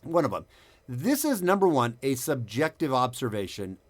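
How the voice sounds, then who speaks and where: A man's voice: mid-range voice, big pitch swings, normal speed. A man hosting a casual commentary podcast, sarcastic, reading quotes aloud and stumbling over words. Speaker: podcast host.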